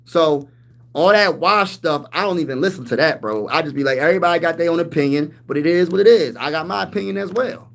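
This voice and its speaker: Sports stream host, male, 30s, slightly high voice, hyped slangy chat-reading delivery. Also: fast, gravelly, a bit bright. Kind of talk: casual live-stream sports talk.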